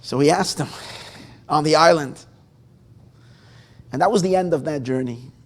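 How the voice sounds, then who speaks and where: A man's voice: on the high side, moderate pace. A man, a rabbi, telling a story at an informal evening gathering and acting out the characters' lines with feeling. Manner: animated, voices the story's characters. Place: gathering room with guitar nearby.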